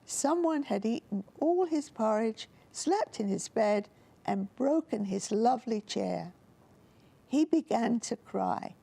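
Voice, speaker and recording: A woman reading a children's story aloud in a gentle, expressive storytelling manner. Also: a little high, slow, vocal fry, slightly rough.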